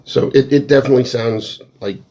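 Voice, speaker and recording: A man hosting a podcast interview, asking halting questions with repeated words and encouraging replies. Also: mid-range voice, warm tone.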